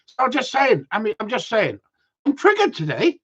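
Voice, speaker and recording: A middle-aged dog trainer rambles through a casual livestream, blunt, self-mocking, and swearing a lot. His husky, a bit bright voice swoops wildly in pitch at a normal speed, and the audio is dull and lo-fi.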